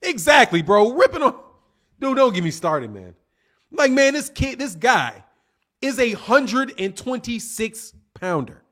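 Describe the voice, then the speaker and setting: A man with a fairly high speaking voice talks casually on a livestream. He is blunt and heated, full of slang, and he circles back to the same points again and again as he answers his chat. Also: sing-song, a little slow, fairly bright tone. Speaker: boxing commentator reading live chat.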